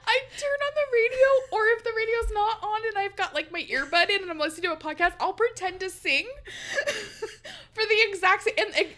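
Very high, bright woman, giggly storyteller. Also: expressive, a little fast. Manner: giggly, self-mocking storytelling. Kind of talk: casual book-club chat.

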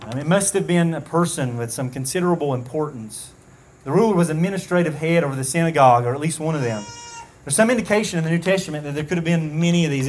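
A man preaching an expository sermon, earnest and measured, with frequent ums and restarts. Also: a little high, slight background noise.

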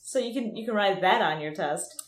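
A woman's voice: medium pitch, animated, moderate pace. Jokey Midwestern woman podcast co-host. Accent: Midwestern American. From Michigan, USA. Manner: jokey, stumbles over words. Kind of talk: casual podcast chat. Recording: roomy echo.

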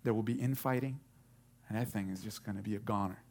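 A man's voice: lowish voice, quick pace, darkish tone. A man in his thirties preaching a sermon, telling a family story with lots of fillers and restarts. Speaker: pastor.

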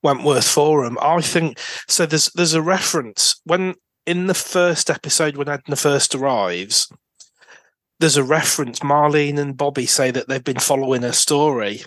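A man's voice: fairly high pitch, normal speed, a bit bright, no echo. A man in a casual podcast chat who talks freely and asks questions. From United Kingdom. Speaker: podcast co-host.

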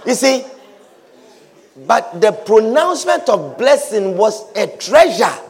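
A man preaching a sermon, animated, breaking into shouts and acting out the people in the scripture. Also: sits high, slow. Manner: animated, acts out scripture characters with shouts and laughter.

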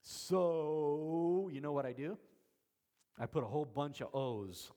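A man preaching an expository sermon, shifting from soft, slow lines to loud emphatic ones, with folksy, self-deprecating asides. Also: mid-range voice. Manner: dramatic swings between soft and emphatic, slows on key words. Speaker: pastor.

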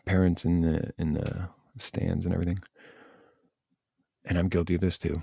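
A man who is both a coach and a parent gives youth baseball advice in a casual, animated rant, venting bluntly and swearing freely. His voice is deep and dark with heavy vocal fry, at normal speed. The sound is dry and close, with no echo.

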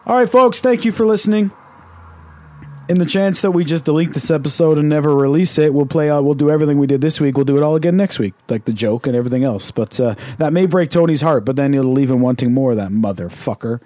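A man's voice: on the high side, fast, mellow, no room sound. A man co-hosting a podcast, wry and profane, addressing listeners with mock-formal sign-offs. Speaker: podcast co-host. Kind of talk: crude casual banter. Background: music.

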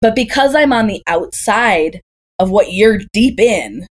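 With lively intonation at a measured pace, a medium-pitched woman in her thirties chats as a podcast guest. The doula, from Green Bay, Wisconsin, USA, fills the casual talk with stories and rhetorical questions.

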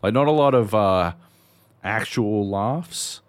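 A very deep-voiced man chatting casually on a podcast, loose and rambling with plenty of swearing. The sound is dry and close, with no room around it. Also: animated, slow pace, no echo. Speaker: podcast co-host. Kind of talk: casual chat.

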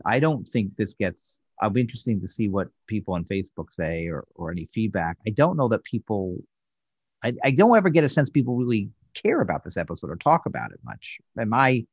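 A man talks through a sitcom episode on a casual podcast, his pitch rising and falling with animation. He hesitates and restarts as he recaps scenes. The sound is dry and a little dull, like a modest home setup. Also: darkish tone, no room sound. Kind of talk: casual review chat.

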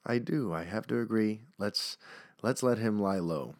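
A man's voice: fairly low pitch, measured pace, no echo, clean studio sound. A man hosting a podcast in a casual, rambling monologue, often restarting his sentences. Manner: rambling, chatty, self-interrupting with repeated starts. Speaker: podcast host.

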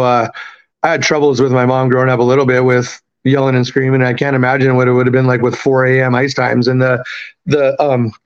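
A man in his fifties, raised in Canada, telling a story in a casual, profane, animated way and acting out the quotes. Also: mid-range voice, muffled recording. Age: 50s. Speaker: podcast guest.

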